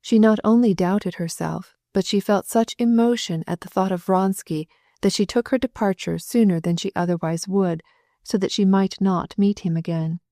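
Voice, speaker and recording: A woman narrating a classic novel audiobook in a measured, even storytelling manner, close to the mic. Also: medium pitch, no echo.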